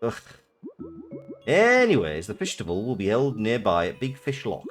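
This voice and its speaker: A man's voice: lowish voice, wildly swooping pitch, normal speed, soft background music. A man voicing a jolly middle-aged village fisherman with a northern English accent and a hearty, showy delivery.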